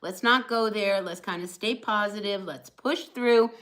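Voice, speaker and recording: A woman's voice: medium pitch, unhurried, a bit bright, low-quality recording. Chatty woman giving a tarot reading. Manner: chatty, encouraging, many fillers. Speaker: tarot reader. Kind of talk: casual live tarot reading.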